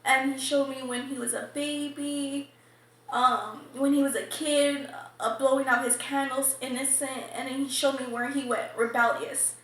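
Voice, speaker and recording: A woman's voice: sits high, level tone, normal speed, a bit bright. A woman hesitantly recounting a religious dream in a testimony interview, full of fillers and restarts. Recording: very echoey room.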